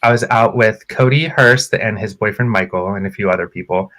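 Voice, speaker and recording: Low-voiced man telling a story animatedly. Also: fairly quick. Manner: animated, dramatic storyteller with acted quotes. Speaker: podcast co-host. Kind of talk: casual chat, storytelling.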